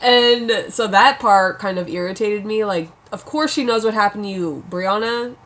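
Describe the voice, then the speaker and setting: A woman's voice: medium pitch, normal speed, a bit bright. A young woman chatting casually at home, reviewing a TV episode, saying "like" a lot and swearing now and then. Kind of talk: casual chat.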